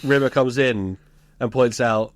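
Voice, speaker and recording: A man co-hosting a podcast, chatting loosely about a sitcom. He retells scenes with lots of laughter and the odd swear word. His voice sits at a middling pitch, and the sound is close and dry, with no room around it. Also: measured pace, no echo. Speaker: podcast co-host. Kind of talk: casual chat recapping a sitcom.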